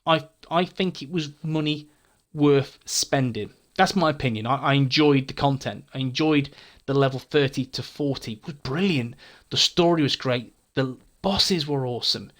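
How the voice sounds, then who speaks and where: A man's voice: mid-range voice, moderate pace, hardly any pauses, a bit bright. A man hosting a gaming channel, casually answering viewer comments in a frank, chatty way, often stumbling and repeating words.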